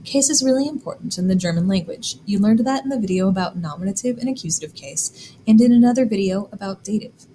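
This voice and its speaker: Woman, German teacher, clear and deliberate, mid-pitched voice, faint background noise. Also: expressive, warm tone, poor audio. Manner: clear, deliberate, spells out examples slowly. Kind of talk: scripted classroom explanation.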